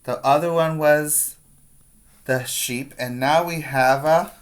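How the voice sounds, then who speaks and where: A man's voice: on the high side, steady tone, slow. A male preschool teacher reading a picture book aloud to young children, patiently pointing out the pictures and asking them questions.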